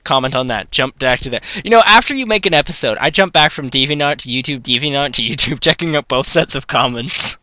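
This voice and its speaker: Lively, bright-voiced man. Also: mid-range voice, a little hiss or hum. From Canada. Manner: joking, rambling, quick asides. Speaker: voice actor. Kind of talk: casual group call. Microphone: video call.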